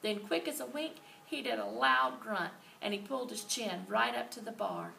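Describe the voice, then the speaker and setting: A woman reading a children's book aloud with lively, expressive storytelling. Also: a little high, normal speed, vocal fry. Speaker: reader. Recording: roomy and distant, faint ambience.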